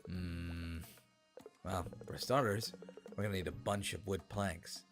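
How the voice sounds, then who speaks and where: A man voicing a friendly male elephant builder in a lowered voice, attempting a Scottish accent that slides toward Irish. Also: fairly even intonation, unhurried, over music. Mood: friendly, bemused. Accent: attempted Scottish that drifts toward Irish.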